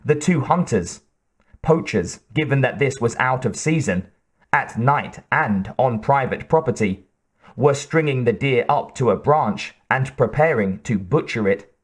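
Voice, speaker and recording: A man narrating an audiobook in a measured, even delivery. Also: mid-range voice, breathy edge. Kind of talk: scripted narration.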